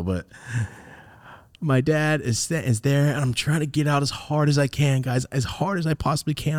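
A young male podcast host narrates a story casually and profanely, full of energy, acting out quotes with sweeping pitch changes. The audio is clean studio sound without echo.

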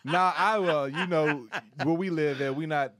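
A man's voice: a little high, a little slow, over a noisy crowd. A man from Kentucky co-hosting a casual podcast chat, telling laid-back anecdotes and laughing easily.

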